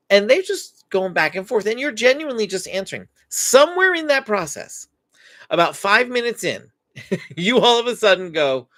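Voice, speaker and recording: A man hosting a live parenting Q&A stream, explaining in an animated way and acting out what parents and kids say. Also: a little high, moderate pace, no echo. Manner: animated, acts out parent and child quotes. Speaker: parenting show host.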